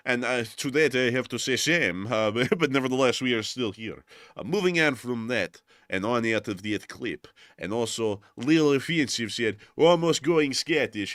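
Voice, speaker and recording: A man giving casual war news commentary over clips, jokey with deadpan puns and broken-English asides. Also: medium pitch, moderate pace, no echo, studio quality.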